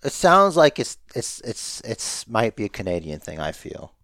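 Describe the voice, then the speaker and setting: A man's voice: lowish voice, moderate pace, no echo, studio quality. A man co-hosting a podcast, chatting casually and joking about wrestling. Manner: animated, joking, drops into mock voices. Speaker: podcast co-host.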